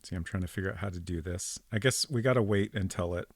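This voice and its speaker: With a deep voice and a fast pace, a man streams a classic detective game and talks through his reasoning in a relaxed, meandering way, full of ums. There's no echo in the recording.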